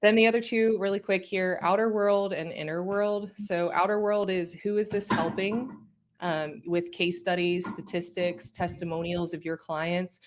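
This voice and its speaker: A woman's voice: lowish voice, fairly even intonation, moderate pace, a little hiss or hum. A woman instructor teaching a course in a conversational way, speaking directly and checking in with her listeners.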